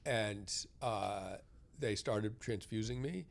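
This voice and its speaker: A middle-aged American man telling a story in an interview. He talks in a loose, conversational way and keeps checking in with the listener. His voice sits at an ordinary pitch, now hushed, now loud. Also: sing-song, unhurried. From United States. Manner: conversational, tag questions, swings loud and soft. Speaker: guest author.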